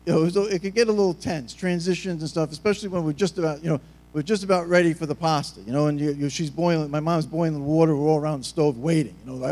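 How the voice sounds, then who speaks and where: A man's voice: fairly high pitch, fast, darkish tone. A man preaching a sermon in a rambling, joking, storytelling way. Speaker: pastor.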